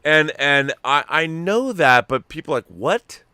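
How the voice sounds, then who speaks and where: American guy rambling about his hobbies, clean smooth voice. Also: on the high side, moderate pace, no room sound, clean studio sound. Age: middle-aged. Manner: rambling, animated storytelling with many restarts. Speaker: host. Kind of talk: casual chat.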